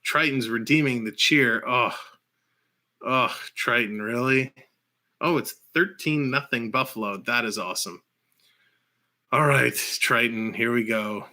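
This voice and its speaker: A Canadian-accented host calls live hockey play-by-play in a sharp, mid-range voice. Between plays he turns to viewers with chatty asides, mixing rapid calls with frequent laughter.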